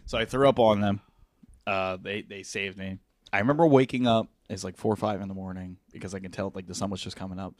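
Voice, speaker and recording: A man hosting a podcast, telling a crude story in casual, animated chat. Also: fairly low pitch, quick pace, dry recording, clean studio sound. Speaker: podcast host.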